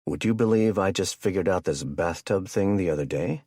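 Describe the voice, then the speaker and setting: A man's voice: deep voice, normal speed, a little mellow, dry recording, clean studio sound. A man playing a jovial, sadistic male hitman who chats and jokes while he menaces his captive. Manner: chatty, joking, casually menacing.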